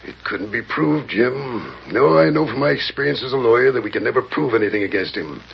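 An actor playing a scheming small-town banker in a radio drama, who talks in a falsely friendly, sly way, with a dull lo-fi sound. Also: male voice, medium pitch, expressive, brisk, gravelly, a little hiss or hum. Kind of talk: 1930s radio drama acting. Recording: dull lo-fi old radio broadcast.

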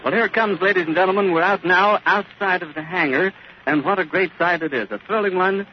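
A man reports live from an airfield in a vivid, sweeping style. His voice sits fairly high. The sound is a dull, lightly hissing archival recording from the 1930s. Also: a little fast. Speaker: radio reporter. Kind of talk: live outdoor eyewitness commentary. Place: airfield outdoors beside a hangar.

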